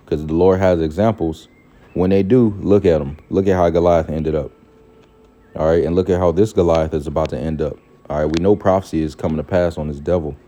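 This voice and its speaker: Male preacher, very low and mellow, loose conversational sermon, lo-fi sound. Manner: casual, repeats "all right" and "man", pauses to look up verses. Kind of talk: informal scripture teaching.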